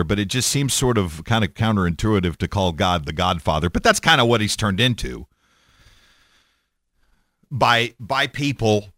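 A man giving an irreverent, sarcastic rant, animated and stammering as he goes. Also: fairly low pitch, dry recording, studio quality. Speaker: commentator.

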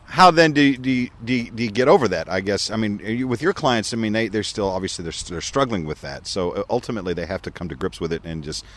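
A man's voice: on the low side, lively intonation, quick pace, hardly any pauses, fairly bright tone. A man chatting casually, asking wry, joking questions. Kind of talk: casual podcast conversation.

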